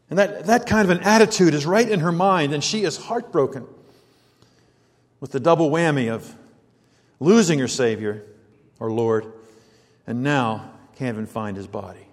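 A man's voice: a little high, normal speed, long pauses. A man preaching an expository sermon in a conversational way, thinking aloud with frequent restarts. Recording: long hall reverb.

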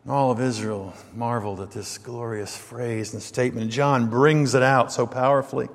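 A man preaching a sermon, moving from quiet reflective passages to loud, emphatic stresses as he reads and explains scripture. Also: mid-range voice, steady tone, moderate pace, big-room sound.

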